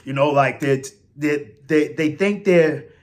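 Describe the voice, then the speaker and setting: A man hosts a casual sports fan show, his voice sitting a little high for a man. He talks in a slangy, animated way and throws in loud emphatic bursts. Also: unhurried. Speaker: sports podcast host.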